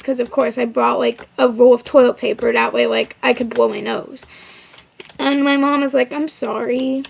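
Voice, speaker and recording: In a high, creaky voice, a woman vlogs about something personal, wandering casually and sprinkling "like" and "of course" everywhere. The recording is lo-fi and slightly dull.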